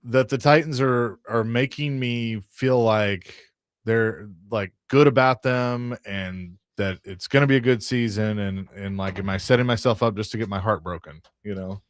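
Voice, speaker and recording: A man's voice: lowish voice, moderate pace, dry recording, clean studio sound. A man hosting a sports talk radio show, chatting in an easygoing, rambling way and reading sponsor lines. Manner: easygoing, rambling, reads ad copy. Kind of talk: casual sports radio banter. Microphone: studio microphone.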